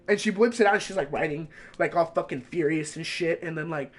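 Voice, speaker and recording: A man's voice: on the high side, a little fast, few pauses, slight background noise. A man streaming from home, telling a profane, heated story in a casual way.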